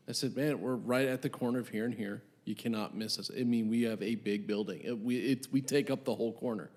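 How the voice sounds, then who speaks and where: A man's voice: medium pitch, racing, hardly any pauses, long reverb tail. A man co-hosting a podcast, casually telling work stories and acting out the people in them. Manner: animated storyteller, acts out callers' voices. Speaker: podcast co-host.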